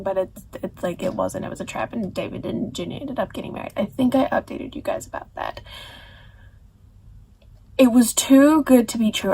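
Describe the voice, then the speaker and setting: A woman's voice: mid-range voice, slightly rough. A young woman book vlogger rambling casually to camera, with many restarts and swearing. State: crying. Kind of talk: casual vlog chat.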